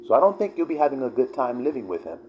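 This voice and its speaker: A man's voice: medium pitch, big pitch swings, racing, highs cut off, slight background noise. A man preaching in a fiery, emphatic, profanity-laced sermon style. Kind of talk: street-style sermon vlog.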